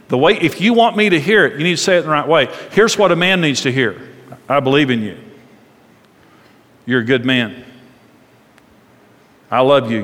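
A middle-aged married man preaching earnestly, dropping soft and low when voicing tender words to a spouse. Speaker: pastor. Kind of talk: sermon. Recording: long hall reverb.

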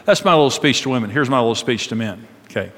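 A middle-aged man giving a conversational sermon as a pastor, animated and joking as he tells stories. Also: medium pitch, quick pace. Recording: long reverb of a large hall.

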